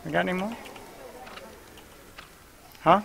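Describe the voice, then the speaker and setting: A man streaming his own gameplay, talking casually to a teammate in a loose, chatty way and giving quick instructions. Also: sits high, gravelly, fairly bright tone, slight background noise, low-quality recording.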